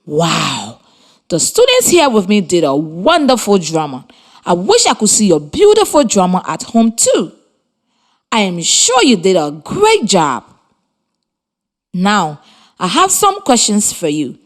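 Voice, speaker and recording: Slow, lively woman radio teacher. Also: mid-range voice. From Liberia. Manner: slow, clear, encouraging teacher talk with questions to pupils. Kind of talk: scripted radio lesson for children.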